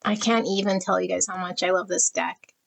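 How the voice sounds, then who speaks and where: A woman's voice: fairly low pitch, level tone, brisk, creaky, rough recording. A middle-aged woman reading tarot, gushing over each card and getting emotional as she flips through a deck. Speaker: tarot reader.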